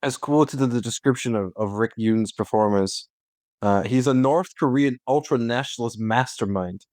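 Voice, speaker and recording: On a casual film chat, an excitable podcast co-host talks over the others. His voice is mid-range and moves at a moderate pace, with studio-quality sound and no room noise.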